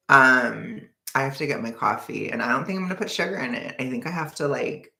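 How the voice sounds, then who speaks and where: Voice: medium pitch, gravelly, bright, forceful tone. A young adult vlogger in casual chat, rambling and joking between frequent laughs. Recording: echoey room.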